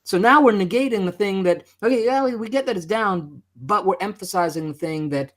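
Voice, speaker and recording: A man's voice: high voice, a little fast, a bit bright. A man co-hosting an instructional conversation, demonstrating how phrasing and inflection change meaning. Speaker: co-host.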